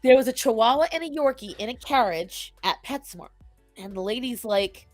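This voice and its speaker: On this podcast, a female co-host chats casually about how pets behave, using a somewhat high, animated voice at a moderate pace. She pushes her opinions emphatically and performs the quotes she cites, over soft background music in a dry recording.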